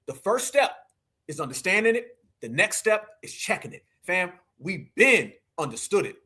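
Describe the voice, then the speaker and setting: A man's voice: high-pitched, sing-song, normal speed, bright, forceful tone, breathy edge. A man hosting live political commentary, mocking and emphatic and full of slang.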